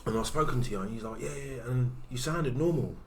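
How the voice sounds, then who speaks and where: A man's voice: medium pitch, fast, darkish tone, slight background noise. A man, a podcast guest who casually recalls events and often slips into quoting what people said. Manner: conversational, drops into quoted speech. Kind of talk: casual recollection in a podcast chat.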